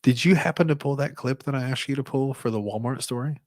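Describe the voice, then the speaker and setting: A man co-hosting a podcast, telling a crude story in a loose, animated way and swearing a lot. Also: medium pitch, quick pace, no room sound. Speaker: podcast co-host. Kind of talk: casual storytelling chat.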